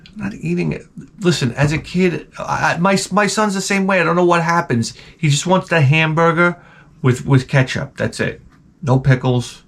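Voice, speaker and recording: A man's voice: on the high side, normal speed, vocal fry, a little hiss or hum. A middle-aged man, hosting a rambling, profane comedic monologue. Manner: rambling, profane, animated ranting. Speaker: host.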